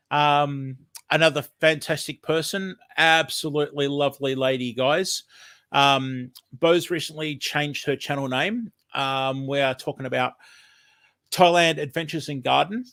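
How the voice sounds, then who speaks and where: An Australian man with a slightly higher-than-usual voice, talking in a loose, rambling livestream chat full of ums and fillers. He sounds a little sniffly, as if from hay fever. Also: a bit bright. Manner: rambling and friendly, many ums. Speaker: livestream host.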